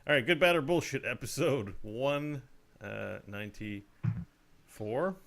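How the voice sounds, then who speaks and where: A man's voice: medium pitch, slow pace, gravelly, a bit bright. A man hosting a casual podcast, joking and laughing as he improvises his lines. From Canada. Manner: jokey, laughs often, loose improvised talk. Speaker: podcast host. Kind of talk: casual chat.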